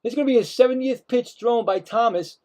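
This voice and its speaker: A man calling live play-by-play as a stream host, excitable, ranting at calls and talking straight to his viewers. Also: very high-pitched, brisk.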